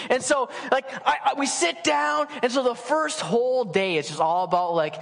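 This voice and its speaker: A man in his late twenties preaching in a casual, animated storytelling way, acting out quotes. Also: high voice, normal speed, gravelly, hardly any pauses. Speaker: pastor. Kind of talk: sermon storytelling. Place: church sanctuary. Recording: church hall reverb.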